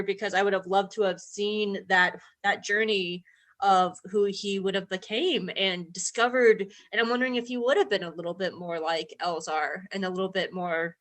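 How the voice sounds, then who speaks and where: Bright-voiced emotional woman. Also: mid-range voice. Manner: emotional, earnest. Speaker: podcast guest. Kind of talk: casual podcast discussion.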